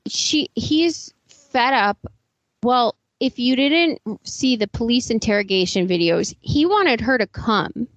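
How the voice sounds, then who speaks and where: A woman's voice: on the high side, animated, slow pace, dry recording. A woman co-hosting a podcast, ranting in an indignant, profane and emphatic way in casual commentary. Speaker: podcast co-host. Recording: dull, lo-fi, dry sound.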